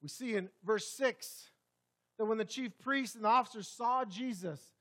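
A man preaching a sermon in a church sanctuary, swinging dramatically between loud, forceful passages and hushed ones. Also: high voice, moderate pace. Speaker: pastor.

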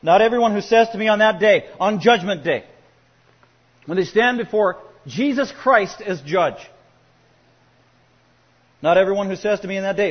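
Pastor guy preaching, kinda high husky voice, swings quiet to loud, dull lo-fi sound. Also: brisk, pauses often, big-room sound. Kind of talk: sermon.

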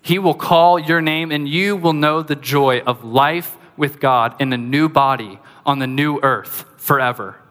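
Man, pastor, conversational sermon, lively asides, bright voice, long hall echo. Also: fairly high pitch, unhurried, few pauses.

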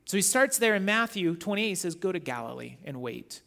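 A man giving a sermon as guest teacher, reading scripture and retelling stories in a conversational, animated way. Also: high voice, a little fast, creaky.

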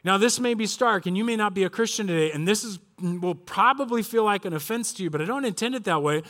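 A pastor in his forties delivers a church sermon in a notably high voice. He tells stories with animated energy and acts out the voices of the people in them. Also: fast. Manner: animated storytelling with quoted voices.

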